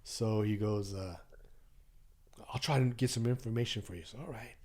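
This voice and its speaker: A man in his sixties telling a personal story as a podcast guest in a loose, chatty way, acting out the voices of people in it. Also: moderate pace. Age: 60s. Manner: animated, acts out quoted dialogue with pitch jumps; loose and conversational, many fillers and asides. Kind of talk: casual storytelling.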